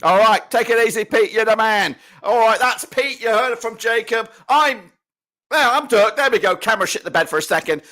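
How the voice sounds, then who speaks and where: A man hosts a live fan stream, chatting casually and reading comments in an upbeat way. His voice sits a little high, and the sound is close and dry, with no room echo. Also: moderate pace, pushed and bright. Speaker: fan channel host.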